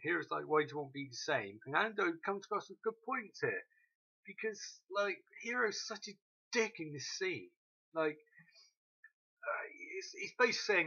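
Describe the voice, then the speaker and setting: A man ranting through a TV episode recap, swearing often and mocking the characters in quick quoted asides. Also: on the high side, lively intonation, pushed and bright, breathy edge, muffled recording. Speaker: show recap host.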